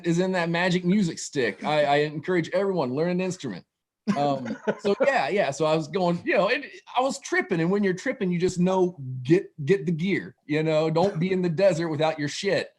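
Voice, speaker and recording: A man telling a wild story for laughs, profane and animated, with laughing asides. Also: high voice, moderate pace. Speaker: guest storyteller. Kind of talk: comedic storytelling.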